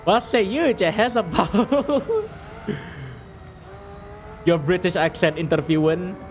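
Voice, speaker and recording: A man's voice: high voice, takes it slowly, a little hiss or hum. A man casually chatting to his chat while playing a racing game on a stream, jokey and a bit profane.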